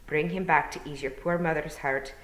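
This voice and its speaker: A woman voicing a tiny, shrewd, dying old pixie clan mother who speaks slowly and weakly in a put-on Scottish accent. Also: deep voice, fairly even intonation, a bit bright. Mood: fond, weak. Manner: slow, weak, murmuring. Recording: roomy echo.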